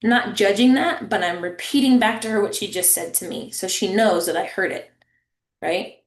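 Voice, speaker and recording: A woman presents a family engagement webinar over a video call in a mid-range voice at a moderate pace, with a roomy sound. She's warm and conversational, checking in with listeners by asking "right?" and "okay?".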